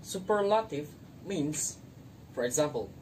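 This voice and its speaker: Student teacher from Indonesia, young adult, very slow, repeats each example word, non-native grammar; recorded from a distance with faint background noise. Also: medium pitch, expressive, a little mellow. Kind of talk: classroom grammar lesson.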